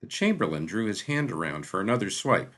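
A man narrating a fantasy story in a measured, dramatic reading. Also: lowish voice, big pitch swings, a bit bright, rough recording. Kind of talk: audiobook narration.

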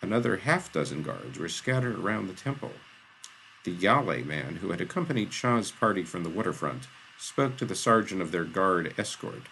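A man reads a story aloud in a measured, dramatic way. His low voice is gravelly and moves with lively pitch, over a faint background hiss. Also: poor audio. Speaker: narrator. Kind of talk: audiobook narration.

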